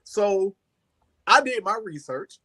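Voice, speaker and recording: A man, a music artist telling a rambling, animated story as an interview guest, often saying "you know.". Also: high-pitched, slow. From Southern United States.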